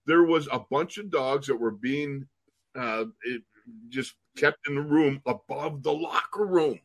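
A man's voice: fairly high pitch, unhurried. A man in his sixties, a podcast co-host and former college football player, telling stories in casual chat. He laughs often and repeats words as he goes.

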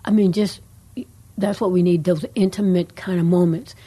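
A woman co-hosting a casual faith talk show, rambling and earnest, trailing off into soft asides. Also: on the low side, steady tone, moderate pace, slightly rough. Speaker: co-host.

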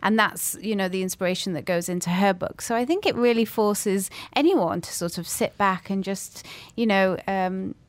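A woman novelist talking about her books in a relaxed radio chat, with frequent ums. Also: mid-range voice, moderate pace, hardly any pauses, dry recording. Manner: chatty, many ums, thoughtful. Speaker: author guest. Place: Dubai.

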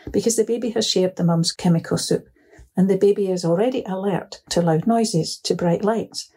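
A woman, a psychotherapist, explains ideas calmly in an interview and often laughs as she tells stories. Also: lowish voice, breathy edge. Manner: calm, measured, often laughs while telling a story. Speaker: psychotherapist guest. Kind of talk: explanatory interview talk with anecdotes.

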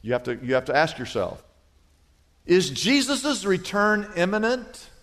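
High-voiced preacher in a reverberant hall. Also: male voice, a little slow. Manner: animated storytelling with wide swings in pitch and volume. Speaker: pastor. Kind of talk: sermon.

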